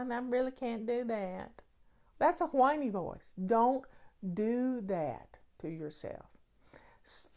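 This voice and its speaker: A woman's voice: fairly high pitch, darkish tone. A woman hosting a casual question-and-answer show on home organizing, talking in an emphatic, folksy way and repeating key phrases.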